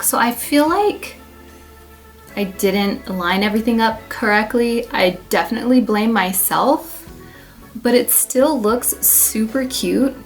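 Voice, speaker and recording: A young woman chatting casually through a DIY crafting tutorial, gushing enthusiastically over her handmade gifts. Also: mid-range voice. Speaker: crafting vlogger.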